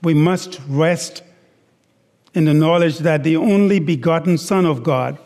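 A man preaching a sermon, slow and deliberate, stressing words and asking the congregation rhetorical questions. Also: a little high, darkish tone. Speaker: pastor. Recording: long hall reverb.

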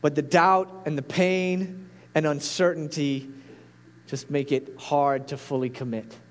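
A man's voice: a little high, steady tone, a little slow. A man preaching a sermon as a pastor, earnest and pleading, building to intense peaks.

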